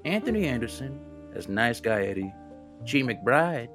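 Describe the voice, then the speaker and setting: A man's voice: medium pitch, sing-song, measured pace, music in the background. Sarcastic man podcast co-host. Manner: dry sarcastic quips. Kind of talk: casual podcast banter.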